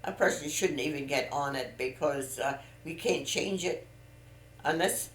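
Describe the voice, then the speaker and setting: An older woman, a grandmother, talking haltingly and reflectively in a casual family interview, her voice aged and thin of its old range. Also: low voice, a little hiss or hum. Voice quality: aged voice with little singing range left. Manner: halting and reflective, with restarts and trailing off. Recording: roomy echo.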